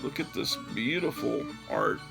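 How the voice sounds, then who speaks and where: Rambling older man with gravelly voice. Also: mid-range voice, animated, a little slow, low-quality recording. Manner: rambling, chatty, self-deprecating. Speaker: host. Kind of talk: casual solo chat while sorting comics. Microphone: phone. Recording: music clearly playing behind. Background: music.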